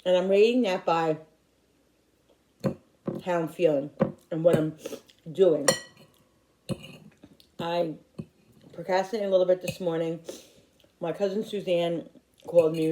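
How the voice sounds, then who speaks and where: A woman's voice: low-pitched, steady tone, moderate pace, long pauses, mellow, slight background noise. A middle-aged woman talking to her viewers in a heartfelt, rambling way, often restarting her sentences. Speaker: YouTuber. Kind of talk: personal vlog talk. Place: home in upstate New York.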